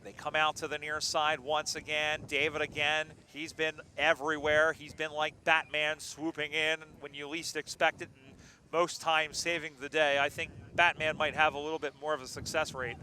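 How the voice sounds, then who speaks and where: A man calling an amateur football game live, joking between plays and getting excited on big moments. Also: on the high side, normal speed, slight background noise. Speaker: play-by-play commentator. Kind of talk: live sports commentary.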